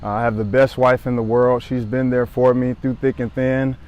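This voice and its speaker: A man in his thirties from Southern California speaks straight to the camera about his own life. His voice sits at an ordinary middle pitch. He sounds earnest and reflective, circling back over phrases and restarting sentences as he thinks. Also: little pitch movement, normal speed, a little mellow, dull audio. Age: 30s. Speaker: former pro football player sharing his story. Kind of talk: personal testimony to camera.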